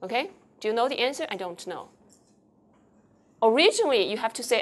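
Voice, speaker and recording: Woman, university lecturer, Taiwanese accent, bilingual lecture, quizzing the class, somewhat high voice. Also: big pitch swings, brisk. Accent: Taiwanese Mandarin. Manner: explains and quizzes students, switching between Mandarin and English. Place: lecture hall.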